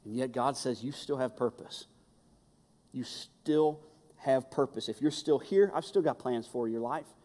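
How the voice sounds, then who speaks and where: A man's voice: mid-range voice, a little slow, mellow. A man preaching a sermon, emphatic and impassioned, hammering his points home by repeating key phrases. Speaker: pastor. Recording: long hall reverb.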